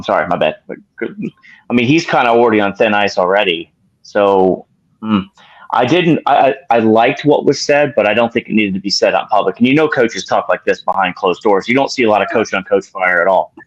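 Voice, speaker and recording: A man's voice: on the low side, fairly bright tone, no room sound, muffled recording. A man who is a guest on a casual sports talk show, talking away from the mic and rambling with fillers and self-corrections.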